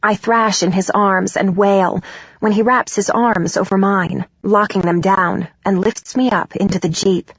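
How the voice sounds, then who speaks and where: A woman narrating a first-person audiobook in a steady, even way. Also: mid-range voice, a little slow, slightly rough, no room sound. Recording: dull, dry studio recording.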